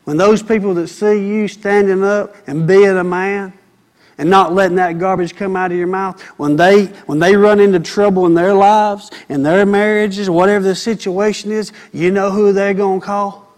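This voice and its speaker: Fiery high-voiced preacher. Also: male voice, steady tone, moderate pace. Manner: fiery, rising to loud exhortation. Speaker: pastor. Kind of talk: sermon.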